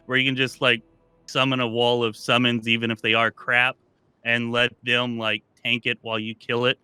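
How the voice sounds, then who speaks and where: Bright, clear-voiced man hosting a gaming podcast. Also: medium pitch, normal speed, no room sound. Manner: relaxed, rambling with many fillers and restarts. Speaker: podcast host. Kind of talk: casual gaming podcast chat.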